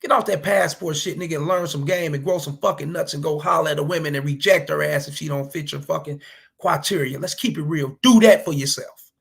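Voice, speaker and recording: A man's voice: a little high, fairly quick, gravelly, a bit bright, husky. A man giving casual reaction commentary, blunt and profane, lecturing other men with preachy advice. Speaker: commentary vlogger.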